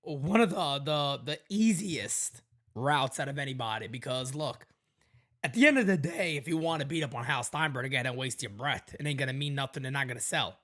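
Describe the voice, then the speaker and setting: A man's voice: medium pitch, animated, brisk, a bit bright. A man hosting a sports talk podcast, making his points emphatically and repeating them for weight. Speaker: host.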